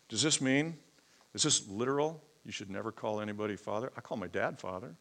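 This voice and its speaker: Male preacher, lowish voice, relaxed teaching tone that spikes into emphasis. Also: brisk, vocal fry. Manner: conversational teaching with emphatic outbursts. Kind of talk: sermon.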